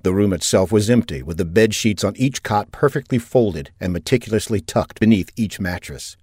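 A man narrating a science fiction audiobook in a steady, even storytelling manner on a close mic. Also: fairly low pitch, normal speed, husky, no echo. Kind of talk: scripted narration.

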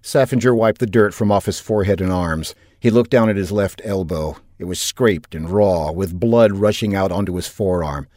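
A man narrating a science fiction audiobook in a steady, even storytelling manner on a close mic. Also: low voice, normal speed, hardly any pauses, no echo. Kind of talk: scripted narration.

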